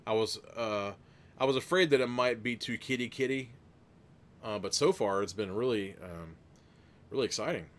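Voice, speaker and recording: A man's voice: medium pitch, moderate pace. A man hosting a livestream, reading a gamebook aloud casually, rambling and laughing between passages. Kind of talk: livestream gamebook narration with chat votes.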